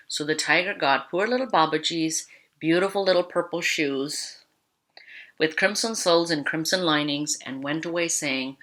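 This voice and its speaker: A woman teacher reading a children's story aloud in an animated, storytelling way. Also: fairly low pitch, normal speed.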